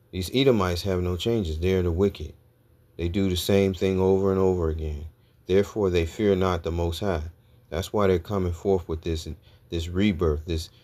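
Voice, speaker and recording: A man's voice: sits low, darkish tone. A man teaching a sermon, reading scripture aloud and checking in with his listeners with "all right?" and "okay?" after almost every point. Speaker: preacher.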